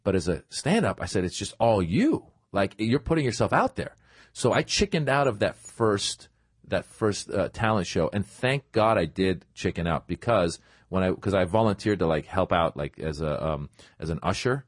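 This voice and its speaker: A middle-aged comedian tells a story in a relaxed, low voice. He breaks into lively quoted thoughts as he goes. The sound is dry and close, with no room around it. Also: moderate pace, no room sound. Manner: lively, acts out his own past thoughts in quotes. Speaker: comedian guest. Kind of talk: casual anecdotal storytelling.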